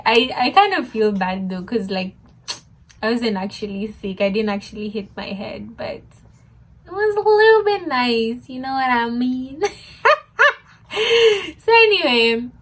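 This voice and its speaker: A young woman telling a funny story, animated, laughing often and mixing in Swahili words. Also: on the high side. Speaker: vlogger. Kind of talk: casual storytime.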